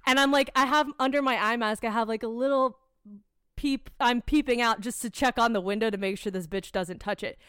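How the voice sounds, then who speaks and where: A woman's voice: fairly high pitch, brisk, a bit bright, clear, resonant tone, no room sound, studio quality. A young American woman, co-hosting a podcast, tells a heated, profane story in casual chat. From United States. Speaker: podcast co-host.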